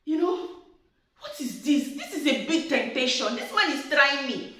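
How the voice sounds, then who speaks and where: A high-voiced woman tells her marriage story in a lively, sing-song way, laughing as she goes. She sounds chatty and warm to her listeners. Her voice rings out in a very echoey room. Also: moderate pace. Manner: animated, chatty storyteller who laughs often. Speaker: marriage advice speaker. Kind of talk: storytelling advice talk.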